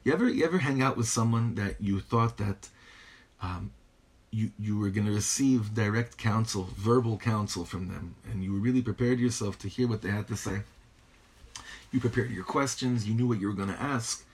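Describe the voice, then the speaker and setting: A man teaching a Hasidic text in a study class. He reads each Hebrew line slowly, then translates it and marvels at it aloud. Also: on the low side, breathy edge.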